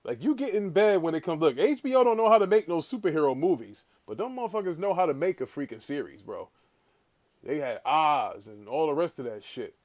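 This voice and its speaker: A man talks loosely to his livestream audience, his voice sitting a little high. He gets animated as he goes, cursing freely and greeting viewers by name. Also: brisk. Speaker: livestream host. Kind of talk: casual livestream talk.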